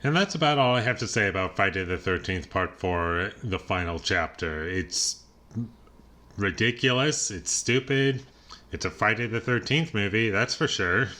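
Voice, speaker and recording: Bright-voiced man reviewing a film. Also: lowish voice, expressive, normal speed. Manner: loose and chatty, heavy filler words, chuckles often. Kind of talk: casual solo movie review.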